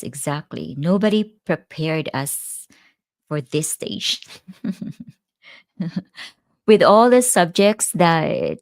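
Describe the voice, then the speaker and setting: A woman's voice: deep voice, dry recording, studio quality. A middle-aged woman hosting a casual livestream, chatting and laughing easily as she tells stories and answers viewer comments. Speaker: livestream host. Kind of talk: casual live-stream chat.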